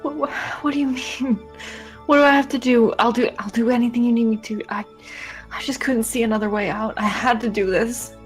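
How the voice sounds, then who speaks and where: A woman's voice: medium pitch, moderate pace, faint music behind, pitched above the performer's own voice, close to an everyday voice. A woman voicing a remorseful, weeping woman who stammers out apologies and begs forgiveness. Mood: sobbing, pleading.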